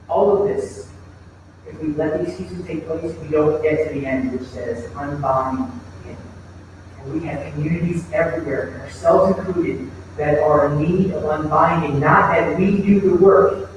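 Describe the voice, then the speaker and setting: Male pastor with a high voice, conversational sermon, distant mic in a reverberant church hall. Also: a little slow, slight background noise. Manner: conversational preaching, asks the congregation rhetorical questions. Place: church sanctuary.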